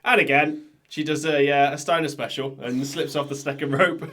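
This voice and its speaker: A man's voice: on the high side, fairly even intonation, a bit bright. A man co-hosting a podcast, chatting casually and teasing his partner. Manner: teasing, quick to laugh. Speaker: podcast co-host. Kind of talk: casual chat about wrestling.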